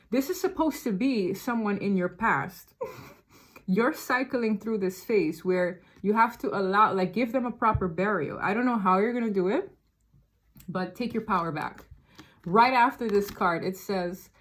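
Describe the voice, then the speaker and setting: A talkative woman reads tarot cards for her audience in a loose, conversational way. Her pitch sits in a middle range for a woman, and she rambles, laughs often and trips over her own sentences. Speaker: tarot reader. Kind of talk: casual tarot reading to camera.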